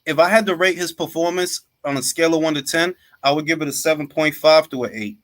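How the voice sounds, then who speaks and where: A man hosting a casual boxing talk livestream, animated and swearing freely. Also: fairly high pitch, quick pace, no echo. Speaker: host.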